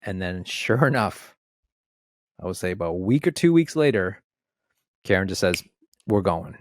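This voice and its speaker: A man's voice: low-pitched, lively intonation, moderate pace, a little hiss or hum. A man co-hosting a podcast, telling a personal story in a reflective, earnest way. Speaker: podcast co-host. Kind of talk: conversational podcast chat.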